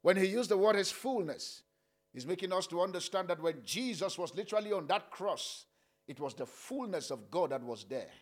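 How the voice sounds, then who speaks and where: High-voiced man preaching with big swings. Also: animated, moderate pace. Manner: preaching with swings from loud calls to soft murmurs, frequent "uh" fillers. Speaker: pastor. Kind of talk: sermon.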